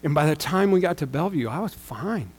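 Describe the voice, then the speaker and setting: A man's voice: on the high side, animated, brisk, darkish tone, slightly rough, low-quality recording. A man in his forties, a pastor, telling a personal story in a sermon in a conversational way, with bursts of raised emphasis.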